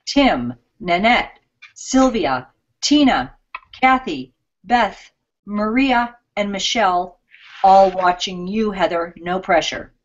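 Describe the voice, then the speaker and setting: A woman's voice: mid-range voice, lively intonation, slow pace. A woman co-hosting a live craft show, friendly, reading viewer messages aloud. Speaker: co-host reading viewer comments. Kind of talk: live-streamed chat. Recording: dull, lo-fi live stream.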